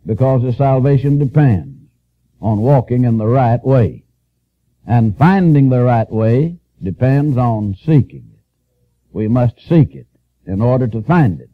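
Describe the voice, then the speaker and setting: A man preaching a sermon, with slow, emphatic, repeated phrases, reading scripture aloud in an old-fashioned cadence. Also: medium pitch. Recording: tinny, lo-fi archival radio recording.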